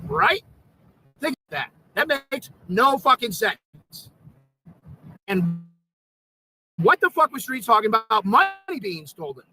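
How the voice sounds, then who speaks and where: High-pitched, indignant man on a swearing rant. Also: very animated, slow pace, pauses often, bright, forceful tone, rough recording. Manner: swears constantly, repeats himself, indignant. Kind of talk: angry livestream rant.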